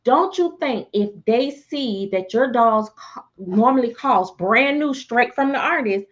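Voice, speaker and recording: Sassy doll-seller lady going off on a livestream, cussing, kinda high voice, muffled audio. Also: unhurried. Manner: sassy, animated ranting with frequent cussing. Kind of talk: livestream rant.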